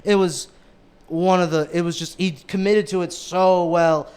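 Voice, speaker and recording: Excitable young man, clear voice. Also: high voice, unhurried. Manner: excitable, rambling, restarts often. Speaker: podcast guest, comedian. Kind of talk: casual chat, storytelling.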